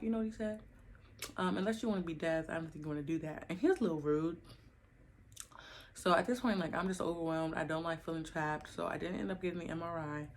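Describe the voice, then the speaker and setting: A young woman vlogging to her camera at home, casually telling her labor story with animated, slangy asides to viewers. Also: deep voice, creaky, a little hiss or hum.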